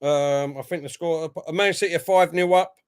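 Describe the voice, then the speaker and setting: A man's voice: a little high, steady tone, normal speed, smooth. A man co-hosting a football watchalong, pushing back in an argument and then reading out the latest scores. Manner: defensive, repeats short replies. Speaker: watchalong co-host. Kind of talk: football fan chat and score updates.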